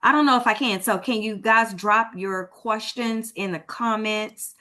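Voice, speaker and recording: Texan woman broker, bright and chatty, teaching a homebuying class over a video call. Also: on the high side, a little slow. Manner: chatty and informal, thinks aloud while fixing tech. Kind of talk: live online class. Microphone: computer mic on a video call.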